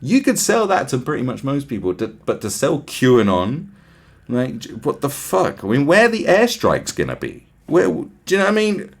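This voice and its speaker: A man's voice: medium pitch, wildly swooping pitch, normal speed, creaky. A man hosting a talk show, ranting sarcastically and with a lot of swearing, and sometimes mimicking other people. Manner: sarcastic, profane, mimics voices. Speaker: podcast host. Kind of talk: ranting monologue.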